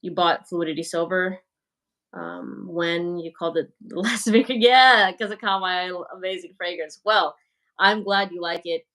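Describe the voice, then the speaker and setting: This livestream host is a young woman who chats casually and frankly while responding to viewer comments, filling her speech with "like" and "you know." She has a lowish, fairly bright voice and takes her time.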